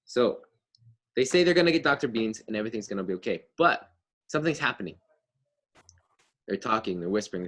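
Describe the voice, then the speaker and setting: A man's voice: on the low side, animated, brisk, pauses often, fairly bright tone. A man teaching a fifth grade class, reading a book aloud and stopping to explain words and ask the kids questions.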